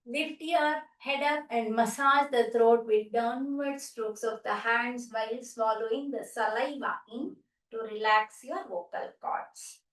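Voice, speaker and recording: Leading a group wellness session, a yoga and laughter therapy instructor with an Indian English accent cues exercises cheerfully and encouragingly, breaking into laughter now and then. Her voice sits a little high and moves at an unhurried pace. She sounds distant from the mic.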